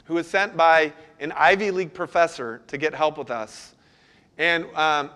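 Earnest higher-voiced male pastor preaching. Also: pushed and bright, smooth. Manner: earnest, pleading when voicing prayers. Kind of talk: sermon.

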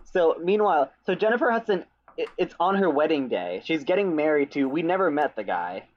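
A man's voice: fairly high pitch, big pitch swings, a little fast. A man co-hosting a podcast, recapping a movie in loose, joking chat full of "like" fillers. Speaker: podcast co-host. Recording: dull lo-fi audio.

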